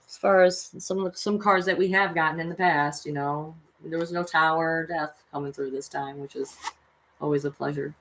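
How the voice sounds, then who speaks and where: A woman's voice: lowish voice, slight background noise. A woman reading tarot cards for her viewers in a casual livestream. She talks to them directly and earnestly, and swears freely when she gets worked up. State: mother of six children. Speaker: tarot reader and vlogger.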